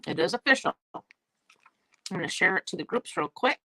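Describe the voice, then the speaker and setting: A woman's voice: fairly low pitch, animated, fairly quick, bright, forceful tone, no room sound. A woman with a sore throat and crackly voice, chatting casually as she hosts a live stamping class and greets viewers by name. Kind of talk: live-streamed craft class chat. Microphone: new desk mic.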